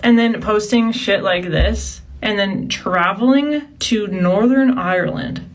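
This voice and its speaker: A woman's voice: mid-range voice, slow, distant mic, rough recording. Ranting young woman from Canada. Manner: animated, frequent "like" fillers. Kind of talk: casual vlog rant.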